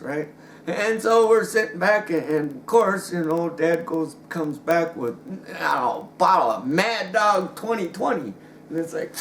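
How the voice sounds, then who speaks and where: A man's voice: a little high, big pitch swings, moderate pace, a bit bright. A man telling a rambling comic story, stumbling over restarts and chuckling as he goes. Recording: roomy echo with faint ambient noise.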